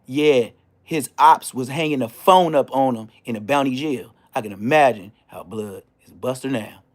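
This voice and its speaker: A man from Inglewood, telling a slang-heavy story in a casual, animated rant. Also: mid-range voice, normal speed. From Inglewood, Los Angeles. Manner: animated, slang-heavy, bursts into loud exclamations.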